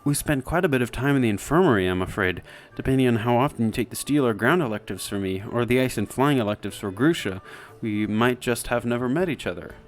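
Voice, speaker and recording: A man's voice: medium pitch, expressive, quick pace, faint music behind, lightly acted. Man doing a prim, frail young lady. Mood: polite. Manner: prim, formal, overly polite. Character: frail, genteel young woman student, polite.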